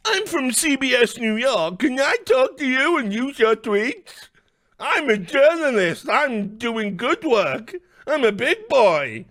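Brief: a high, loud, smug male reporter begging for a quote, put on by a man mocking him. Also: sing-song, slow, full character voice. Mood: wheedling. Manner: squeaky, smug, pleading. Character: eager self-important male TV journalist.

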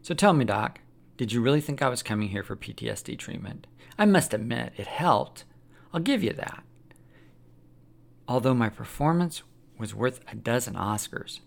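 A man voicing Lucifer as a sly, mocking male devil who gloats and taunts with sarcasm, in a gravelly voice. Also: medium pitch, lively intonation, moderate pace. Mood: gloating.

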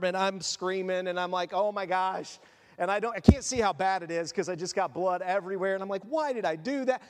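High-voiced man preaching in a reverberant hall. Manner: animated storytelling, self-mocking. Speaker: pastor. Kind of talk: sermon. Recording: long reverb.

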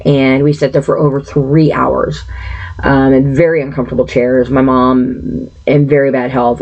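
Gravelly indignant woman telling her story. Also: a bass voice, darkish tone. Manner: indignant, rambling with many fillers and asides. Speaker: vlogger telling a personal story. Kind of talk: casual storytelling monologue. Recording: slightly dull lo-fi sound.

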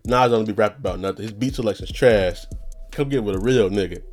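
A young man hosting a casual solo podcast rant, rambling and profane, with sudden high-pitched outbursts. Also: fast, soft background music. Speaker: podcast host.

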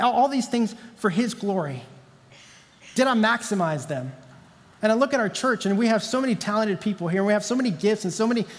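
A man's voice: high voice, long reverb tail. A male pastor preaching a sermon in a conversational, storytelling way, repeating key lines for emphasis.

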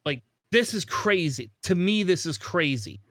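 Excitable man with a dry close sound. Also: high-pitched, unhurried, no echo. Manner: excitable, laughs often, swears casually. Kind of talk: casual gaming chat.

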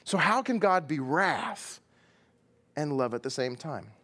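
A middle-aged Texan pastor preaches with a lively, swinging voice that climbs and dips as he retells the story. His pitch sits a touch higher than most men's, and he acts out the characters and sound effects with animated energy. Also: measured pace. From Texas. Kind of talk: sermon.

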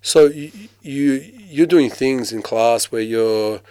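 A man who grew up in Australia, a working actor, telling his story in a casual interview with lively mimicry and frequent restarts. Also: mid-range voice, slow pace, clear, resonant tone, dry recording. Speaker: actor, guest.

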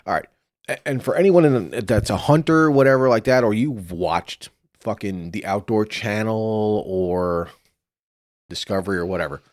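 A man with a very deep, low voice co-hosts a podcast, talking casually and swearing freely as he rambles through his points. He speaks close to a studio microphone, and the sound is dry. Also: no echo. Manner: casual and profane, rambling with restarts. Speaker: podcast co-host. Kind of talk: casual chat.

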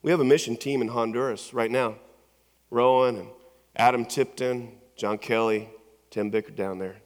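A man's voice: mid-range voice, fairly even intonation, moderate pace. A male pastor preaching a sermon in a church, telling stories conversationally with many restarts and repeated words. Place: church sanctuary. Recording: long church hall reverb.

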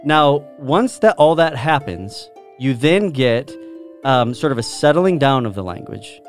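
A man's voice: medium pitch, big pitch swings, unhurried, faint music behind. A man with a British accent, chatting casually as he explains a topic to friends and asking them questions along the way. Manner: enthusiastic, lecturing, asks the others questions. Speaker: host explaining the history of English.

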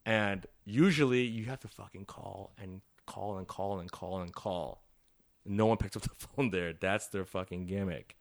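A middle-aged man, a visual artist, telling a story in a casual interview, swearing often and laughing through his sentences. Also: fairly low pitch. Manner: profane, laughing, animated storytelling.

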